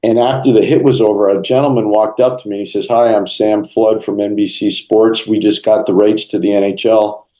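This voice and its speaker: A middle-aged man in an interview, telling lively stories and acting out the quotes. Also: lowish voice, brisk, hardly any pauses, rough recording. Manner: animated storyteller, acts out quotes. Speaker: interview guest, hockey broadcaster. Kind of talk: storytelling interview answers.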